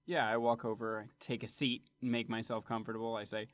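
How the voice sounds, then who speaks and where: A man co-hosting a show and playing in a tabletop game, relaxed and friendly. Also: medium pitch, fast talker, hardly any pauses, dry recording, muffled recording. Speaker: co-host and player.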